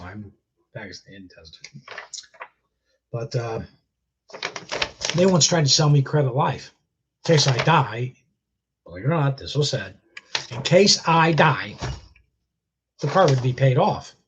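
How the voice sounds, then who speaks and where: A man's voice: medium pitch, lively intonation, normal speed, pauses often, lo-fi sound, a little hiss or hum. A man with a chest cold, bluntly scolding viewers in a casual live stream rant and swearing freely. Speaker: vlogger.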